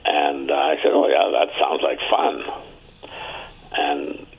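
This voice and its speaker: A man's voice: flat delivery, slow. A man in his seventies from Ontario, Canada, telling stories in an interview, chatty and anecdotal, acting out what others said. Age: 70s. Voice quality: very deep, gravelly and husky. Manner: chatty anecdotal storyteller, acting out quoted voices. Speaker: interview guest. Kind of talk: storytelling interview. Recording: tinny phone-like line.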